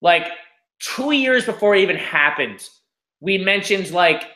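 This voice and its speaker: A man co-hosting a casual hockey podcast, ranting in an animated way and often saying "like" and "listen". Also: sits high, unhurried, roomy sound, background noise. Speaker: podcast co-host.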